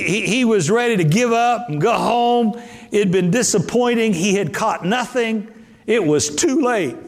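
A high-voiced bishop preaches a sermon that swings widely from low murmurs to soaring peaks, with sudden pitch jumps. He's emphatic, hammering phrases through repetition, and his words ring out with the long reverb of a large hall.

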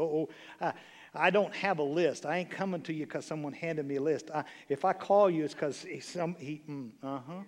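A pastor preaching a sermon to his congregation, swinging between loud exclamations and hushed, intimate lines, with casual asides. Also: fairly high pitch, moderate pace. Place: church sanctuary.

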